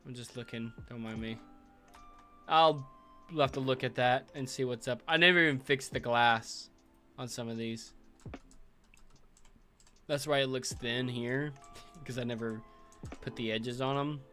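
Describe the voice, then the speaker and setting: A man's voice: mid-range voice, steady tone, unhurried, long pauses, bright, forceful tone, soft background music. A man hosting a livestream, casually talking through his work, thinking aloud with fillers and chuckles. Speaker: livestream host building a game world. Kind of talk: casual livestream commentary while working.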